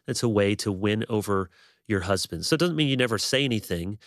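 A man speaking as a guest teacher on marriage, measured and quoting scripture in casual conversation. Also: fairly low pitch, animated, a bit bright, no echo, clean studio sound.

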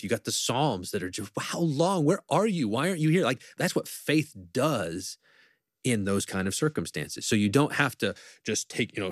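A man's voice: on the low side, no echo, clean studio sound. A man, a professor and podcast guest, talking earnestly and reflectively in an interview and quoting scripture at length. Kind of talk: conversational interview talk.

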